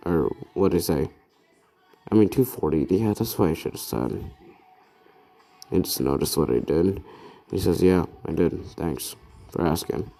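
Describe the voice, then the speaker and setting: Young man, low mellow voice, soft-spoken improvised storytelling, rambling and self-correcting. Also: lively intonation, normal speed, creaky, long pauses, soft background music. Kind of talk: improvised fan-fiction narration.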